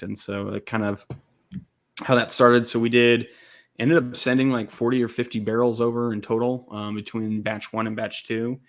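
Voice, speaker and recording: A man, a distillery co-founder from Texas, casually telling an animated story and acting out other people's lines. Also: mid-range voice, normal speed. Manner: animated, quotes others in lively voices.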